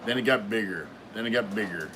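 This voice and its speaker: A man's voice: lowish voice, fast, noisy background. A middle-aged man hosting a live stream, telling a long story casually with lots of fillers and swearing. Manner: rambling, profane, many fillers.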